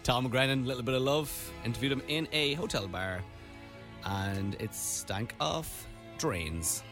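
A man hosting a drive-time radio show, jokey and animated in casual banter. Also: mid-range voice, a little slow, music in the background. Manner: jokey, animated, laughs often. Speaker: radio host.

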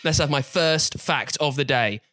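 A man's voice: on the high side, a little slow, music in the background. A man hosting a podcast in a casual, teasing chat, laughing often. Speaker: podcast host.

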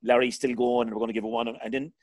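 A man's voice: medium pitch, level tone, quick pace, a little mellow. A middle-aged Irish man hosting a casual sports chat, rambling and talking to his panel as lads. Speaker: podcast host.

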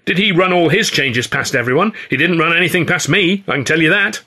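A man's voice: on the high side, animated, a little fast, bright, forceful tone, pitched above the performer's own voice. A man voicing a resentful male comedian in a stage troupe, whining and nasty as he complains. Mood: aggrieved.

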